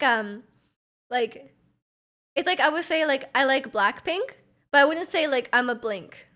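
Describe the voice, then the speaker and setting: Chatty woman, slightly high voice. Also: a bit bright. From Vancouver, Canada. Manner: rambling, filler-heavy with frequent "like", giggly. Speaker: live streamer. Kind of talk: casual chat, reading out chat.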